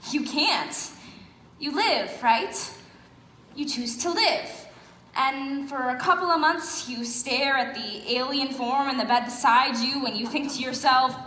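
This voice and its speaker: A woman's voice: high voice, lively intonation, slow pace, a bit bright, a little hiss or hum, exaggerated voice. A woman playing a wistful record-loving narrator, confiding and musing to the audience in a stage play. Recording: echoey hall, live stage.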